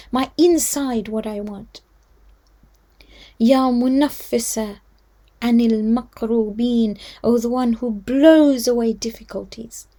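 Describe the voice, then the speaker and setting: A woman telling a devotional story to children, heartfelt and earnest. Her voice is mellow and warm and sits fairly high. She often sinks into a hushed whisper. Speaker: storyteller at a children's religious gathering.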